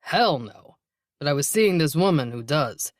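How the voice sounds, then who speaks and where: A man's voice: fairly high pitch, lively intonation, unhurried, no room sound. A man voicing a wry male police detective who teases his partner in dry banter, in an audiobook. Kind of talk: audiobook dialogue reading.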